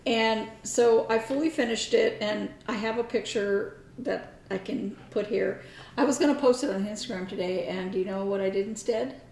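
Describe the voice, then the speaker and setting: A woman's voice: medium pitch, moderate pace, creaky, darkish tone, far from the mic, a little hiss or hum. A woman co-hosting a casual crafting chat, wry and matter-of-fact about her own work. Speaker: podcast co-host. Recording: roomy echo.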